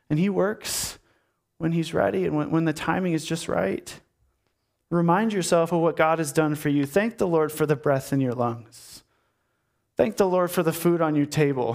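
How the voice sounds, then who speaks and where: Male pastor with a somewhat high voice, preaching earnestly and repeating phrases, sometimes going soft and low. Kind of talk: sermon.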